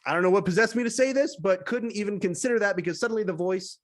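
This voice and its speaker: A podcast host from British Columbia, Canada, reads his own personal essay aloud with animated energy, dropping wry asides to his listeners. His voice is high and he speaks fast.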